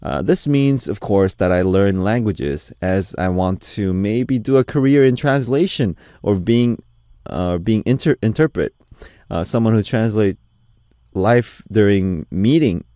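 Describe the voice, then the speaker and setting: Man radio host reading fan letters, jokey and teasing, lowish voice, dead-dry booth. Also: lively intonation, measured pace, mellow, dry recording. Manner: playful, teasing, reads letters aloud with asides. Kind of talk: radio show, reading listener messages. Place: radio studio. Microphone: studio mic.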